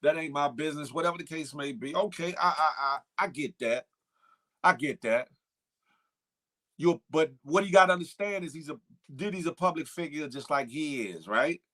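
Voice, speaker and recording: Animated male morning-show host. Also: a little high, moderate pace. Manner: animated, emphatic, shouts out viewers by name. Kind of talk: casual livestream commentary.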